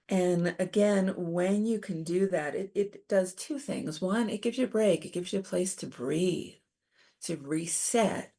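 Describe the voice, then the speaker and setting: A middle-aged woman giving a calm, explanatory talk on coping with stress, as presenter. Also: lowish voice, a little slow, husky. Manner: calm, validating, explains step by step.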